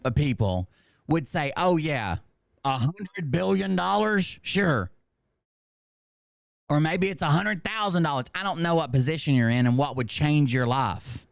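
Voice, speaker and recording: A middle-aged man streaming an unscripted commentary rant, swearing freely and arguing straight at his chat. His voice sits a little high for a man and comes across dry and close, with no room sound. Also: normal speed, gravelly, clear, resonant tone, no room sound. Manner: profane, emphatic, talks to chat directly.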